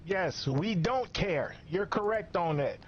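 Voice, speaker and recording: A man with a high voice scolds and swears his way through an angry rant. The recording sounds muffled and lo-fi, with a faint hiss underneath. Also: animated, slow. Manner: profane, scolding, repetitive.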